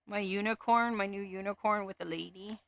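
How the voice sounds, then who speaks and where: A woman's voice: medium pitch, fairly even intonation, a little fast, vocal fry, a bit bright. A woman hosting a casual crafting livestream, chatting and giggling as she sorts through her stamps. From Canada. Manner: chatty, giggly, thinks aloud.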